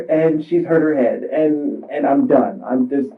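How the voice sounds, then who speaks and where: Here a man in police custody, distressed and tense-voiced, pieces together what happened in a mid-range voice, pausing, drifting and restarting repeatedly. It was recorded in an interview room, and the audio comes through tinny and remote.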